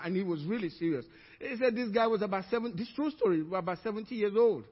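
A pastor preaching a sermon, telling stories and acting out the people in them. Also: male voice, high voice, quick pace. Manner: storytelling, acts out quoted voices. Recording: muffled church recording, long reverb.

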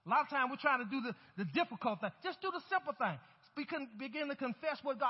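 Calling on his flock to respond, a male pastor preaches fast with lively intonation and mounting emphasis in a church sanctuary. His voice sits high and husky, and the recording comes across dull and hollow, with a long reverb.

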